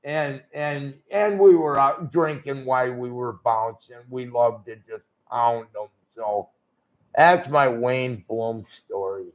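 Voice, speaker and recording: A man's voice: medium pitch, slow. An older man, a former wrestler, telling blunt, profane stories in a rambling way during an interview. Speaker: guest wrestler. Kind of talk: shoot interview storytelling.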